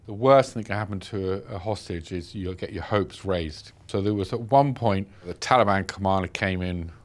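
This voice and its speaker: A British man, a journalist, telling his own story in an interview with vivid, animated storytelling. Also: low-pitched, normal speed. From Britain. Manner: vivid storyteller, acts out dialogue. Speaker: journalist recounting captivity. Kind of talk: first-person interview account.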